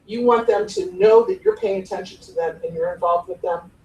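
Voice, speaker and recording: A woman in her forties from the Cleveland area giving a playful, lively workshop talk to a room, acting out tones of voice as she goes. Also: on the low side, a little fast, creaky, lo-fi sound. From Cleveland area, USA. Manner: animated, playful, demonstrates tones of voice. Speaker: conference presenter. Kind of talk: live workshop talk on podcast voice technique. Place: conference room with audience. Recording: roomy live room recording from a distance.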